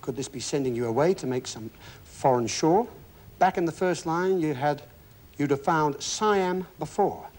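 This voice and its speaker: A man's voice: on the high side, darkish tone. A man hosting a TV game show, working through a riddle and announcing a prize. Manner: explanatory, then brisk prize announcing. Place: TV studio.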